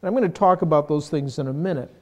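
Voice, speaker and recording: An older man, a pastor, preaching a sermon in a conversational, self-deprecating way, getting animated when he mimics people. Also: fairly high pitch, quick pace.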